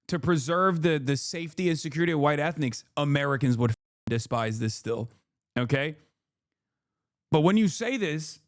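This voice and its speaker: Man, 30s, streamer commentary, emphatic, fairly high voice, dry sound. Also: no room sound. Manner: emphatic, calls listener "brother", frequent restarts and "okay?". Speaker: streamer reacting to news clips. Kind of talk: casual heated commentary.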